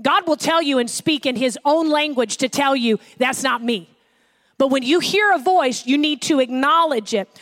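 A woman pastor preaching a sermon, animated, acting out the voices she quotes. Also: high-pitched, normal speed.

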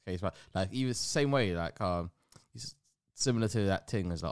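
Deep-voiced young man, laid-back. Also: lively intonation, moderate pace, clean tone, dry recording, studio quality. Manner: laid-back, slangy, keeps saying innit. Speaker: podcast host. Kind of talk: casual chat.

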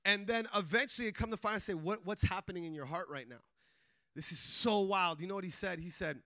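A man telling a faith testimony in a casual, animated storytelling way, full of filler words and quick laughs. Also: high voice, no room sound. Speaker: speaker sharing a faith testimony.

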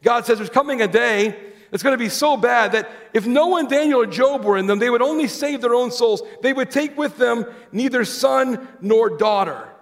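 A man's voice: extremely high pitch, normal speed, gravelly. A man preaching a sermon to a congregation, reading scripture aloud and putting questions to the listeners. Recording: long hall reverb.

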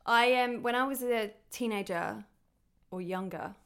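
A woman's voice: a little high, a little slow, vocal fry, clear, resonant tone. A middle-aged woman hosting a podcast, chatting casually with a guest and laughing easily. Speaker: podcast host. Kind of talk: casual chat.

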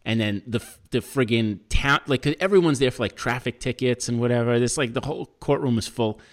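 Male podcast co-host, mid-range voice, spins a lively anecdote and puts on other people's voices. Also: medium pitch, brisk. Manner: animated storyteller, acts out others, swears. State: self-employed, married. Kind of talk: casual chat.

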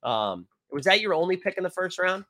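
A man hosts a loose live stream, rambling between topics and tossing out jokes as he answers the chat. His voice sits a little high and sounds bright and forward. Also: very animated, fairly quick. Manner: loose, rambling, jokey, reads comments aloud. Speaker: sports show host reading live chat.

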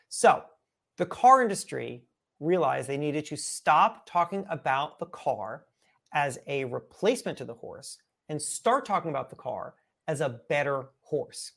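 A man's voice: fairly high pitch, creaky, a bit bright. A man, a guest author, telling a story in a casual chat with lots of energy, repeating and restarting words.

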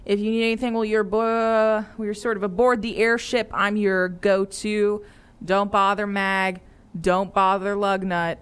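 A woman's voice: mid-range voice, flat delivery, clear, resonant tone, natural voice. A woman voicing a cheerful, bossy male dwarf crewman giving a welcome speech. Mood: cheery. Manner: cheery, brisk.

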